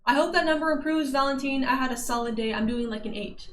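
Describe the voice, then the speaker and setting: A woman's voice: high-pitched, fast talker, reverberant, a little hiss or hum. A young woman streaming, chatting casually with viewers, laughing often and greeting chat. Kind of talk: casual livestream chat reading viewer messages.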